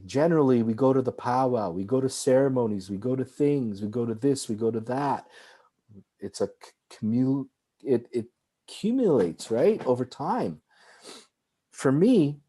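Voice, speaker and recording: A man being interviewed as a filmmaker, telling a personal story in an animated way with frequent "like"s and restarts. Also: medium pitch. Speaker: filmmaker guest.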